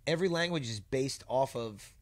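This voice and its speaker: A young man talking loosely on a podcast, swearing freely and circling around his point. His sentences stall on fillers and restart midway. His voice sits at an ordinary middle pitch. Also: animated, normal speed. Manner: rambling, profane, full of 'like' and restarts. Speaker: podcast host. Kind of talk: casual chat.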